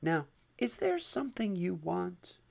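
Taunting dominant policewoman, higher and mocking, put on by a male narrator. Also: big pitch swings, a little slow, creaky, darkish tone, heavily acted. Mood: smug. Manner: taunting, smug. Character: bossy female police officer, teasing dominant.

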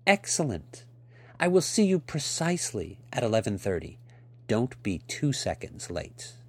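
A man's voice: mid-range voice, sing-song, a little slow, darkish tone, slightly rough. A man voicing a cool, stern and commanding woman as he reads a story aloud, giving clipped orders.

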